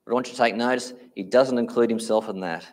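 A man preaching a sermon, speaking emphatically and slowing down to stress key phrases. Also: medium pitch, a little mellow.

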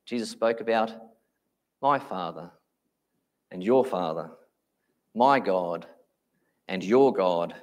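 A man preaching a sermon, speaking emphatically and slowing down to stress key phrases. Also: medium pitch.

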